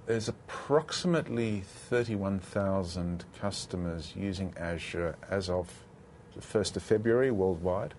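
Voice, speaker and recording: A man speaking as an industry guest on a panel, explaining in a measured way. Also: deep voice, darkish tone, a little hiss or hum. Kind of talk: panel discussion.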